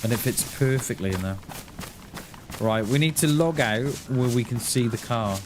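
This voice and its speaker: A man's voice: medium pitch, moderate pace, background noise. A man chatting casually while live-streaming a survival game, thinking aloud with lots of restarts and little chuckles.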